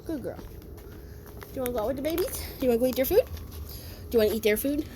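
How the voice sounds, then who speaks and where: A woman dog breeder casually talking outdoors in a backyard, slipping into squeaky sing-song baby talk for her puppies. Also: animated, fast talker, pauses often. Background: faint outdoor noise with distant fireworks.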